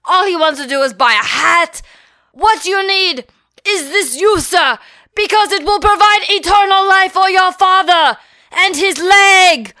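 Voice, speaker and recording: A woman voicing a furious little male director who yells overblown hype at an audience through a megaphone. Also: extremely high pitch, unhurried, dry recording, clean studio sound, pitched above the performer's own voice, exaggerated voice. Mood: frenzied.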